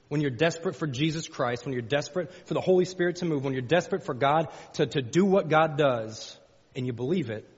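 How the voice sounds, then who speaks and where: A man's voice: medium pitch, slightly rough. A man preaching a sermon as pastor, folksy, repeating phrases and rising into fervent pleading. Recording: dull lo-fi sound with long hall reverb.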